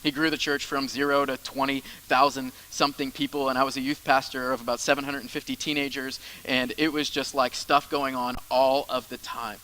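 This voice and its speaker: A man's voice: medium pitch, level tone, a little fast, few pauses, pushed and bright, rough recording. A man preaching a sermon as the church's pastor, in a conversational style with asides and repeated phrases.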